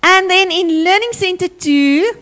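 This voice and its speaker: Her voice is high and fairly bright, with a South African accent and a slightly slow pace as she leads a school assembly. The teacher is both commanding and playful, calling students forward and drilling them energetically.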